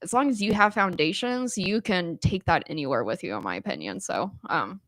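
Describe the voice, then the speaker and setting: A woman as a podcast guest, telling stories in an animated, casual way with lots of "like" and laughter. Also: lowish voice, fairly quick, no room sound. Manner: animated storytelling, frequent "like" and laughter. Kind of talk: casual chat.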